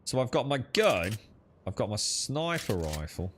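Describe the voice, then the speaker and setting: A man's voice: medium pitch, very animated, measured pace, slight background noise. A young man chatting casually while playing a co-op game with friends, thinking aloud and laughing easily. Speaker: gamer streaming co-op play. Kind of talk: casual gaming chat.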